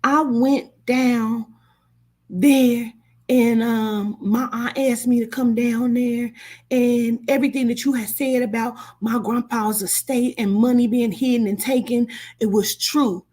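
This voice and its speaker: A woman's voice: on the high side, steady tone, slow, a little mellow. A woman who gives spiritual readings tells a personal story casually and bluntly, swearing often. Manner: blunt, swearing, acts out quoted voices. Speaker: spiritual reader.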